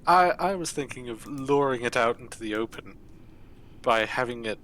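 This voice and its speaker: A man's voice: medium pitch, lively intonation, moderate pace, a bit bright. A man playing a tabletop game, playful and laughing a lot. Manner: playful, laughing, hamming up a mock accent. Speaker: player. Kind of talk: tabletop game play on a livestream.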